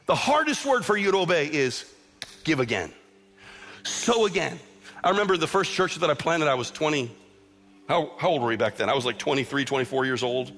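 This middle-aged pastor talks fast and animatedly in a fairly bright, somewhat high voice, building his sermon with impassioned, repeated appeals to the congregation. Long church reverb and background music fill the sanctuary recording, which has slight background noise.

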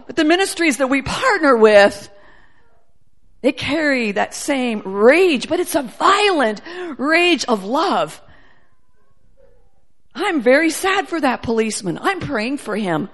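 A middle-aged woman preaching a charismatic sermon, fervent and emotional, building to near-shouts with her voice breaking. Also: high-pitched, big pitch swings, unhurried.

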